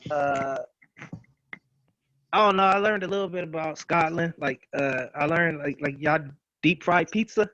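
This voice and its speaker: Brief: US male comic, high voice, loose and hesitant, dry muffled phone sound. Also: measured pace, sharp tone, no echo. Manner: easygoing, hesitant, many fillers. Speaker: stand-up comedian. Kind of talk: casual rambling stand-up. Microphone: phone on a video call.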